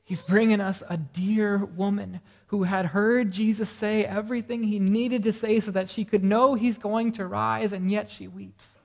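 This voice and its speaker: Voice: medium pitch, steady tone, a little slow, vocal fry, hardly any pauses. A pastor delivering a morning sermon earnestly, asking the congregation rhetorical questions. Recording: reverberant hall sound.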